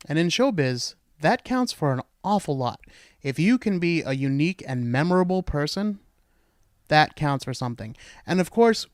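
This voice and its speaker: A man's voice: on the high side, no room sound, studio quality. A man hosting a podcast, giving blunt, sarcastic commentary. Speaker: podcast host.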